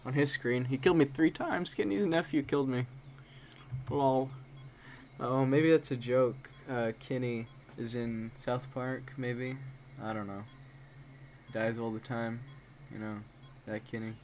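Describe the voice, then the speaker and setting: A young man commentates live on his gameplay, reacting, muttering to himself and repeating phrases as he plays. His medium-pitched voice moves a little slowly with long pauses. Loud game gunfire and explosions sit behind him, with slight background noise overall.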